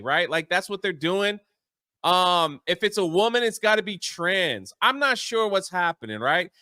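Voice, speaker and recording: A man's voice: sits high, bright, forceful tone, dry recording. A man co-hosting a casual commentary chat, ranting in an exasperated way. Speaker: co-host.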